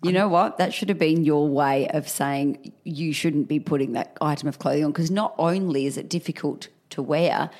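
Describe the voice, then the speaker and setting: A woman's voice: deep voice, normal speed, few pauses, a little mellow. A middle-aged woman, co-hosting a podcast and telling stories in frank, bawdy casual chat. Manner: frank, bawdy storytelling with swearing and laughs. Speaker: podcast co-host.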